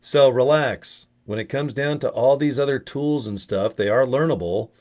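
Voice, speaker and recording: A man's voice: mid-range voice, moderate pace. Sweary, rambling middle-aged man vlogging. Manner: profane, rambling, animated storytelling. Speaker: network marketing vlogger. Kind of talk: casual talking-head chat.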